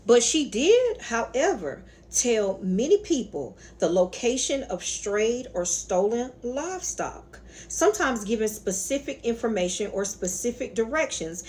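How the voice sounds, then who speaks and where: A woman's voice: on the high side, very animated, unhurried, hardly any pauses, a little mellow. A woman with a Southern accent hosting her own spiritual channel, telling a story in a sassy, colloquial way and calling her viewers honey and y'all. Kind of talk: casual storytelling lecture.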